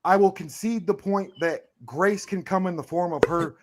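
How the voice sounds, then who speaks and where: A man's voice: sits high, normal speed, background noise. A man on a live discussion panel, blustering and provocative, swearing constantly as he argues. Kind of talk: heated casual debate.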